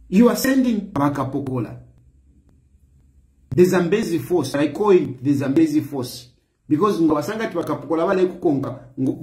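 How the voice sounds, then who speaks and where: A man's voice: high-pitched, darkish tone, echoey room, poor audio. A man giving impassioned political commentary, firing off repeated rhetorical questions. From Zambia. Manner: heated, repetitive rhetorical questions.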